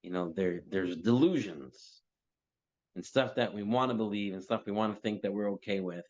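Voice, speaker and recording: In a dull lo-fi recording of a Torah class, a teacher with a fairly low voice at normal speed tells a parable as a storytelling sermon. He animatedly acts out the characters' lines before drawing the lesson.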